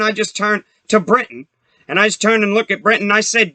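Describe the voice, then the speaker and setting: A man's voice: high-pitched, brisk, sharp tone, dry recording. A young man hosting a podcast, telling a story in a profane, heated, rambling way. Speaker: podcast host. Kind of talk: casual storytelling rant.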